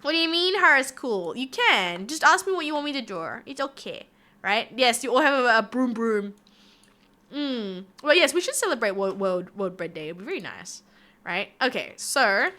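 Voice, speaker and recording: A woman's voice: a little high, bright, forceful tone. A young woman VTuber chatting playfully with her stream chat while she draws. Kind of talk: casual live-stream chat.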